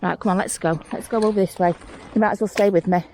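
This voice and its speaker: A woman's voice: medium pitch, fast, a little hiss or hum. Chatty woman. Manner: chatty, excitable over small finds, talks to herself and the viewer. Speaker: mudlarking vlogger. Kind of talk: casual running commentary while searching. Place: outdoors on a hillside rubbish tip.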